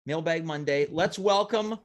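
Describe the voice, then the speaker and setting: A man's voice: a little high, measured pace. A man hosting a comedic talk show. He talks like a boastful showman who keeps poking fun at himself. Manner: playful, self-mocking, boastful showman. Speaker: host.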